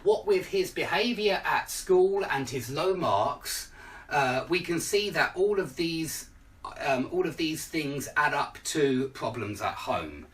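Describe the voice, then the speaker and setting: A man's voice: fairly high pitch, lively intonation, slow, a bit bright, far from the mic. A man teaching an online lesson, patiently explaining with everyday examples. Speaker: English teacher.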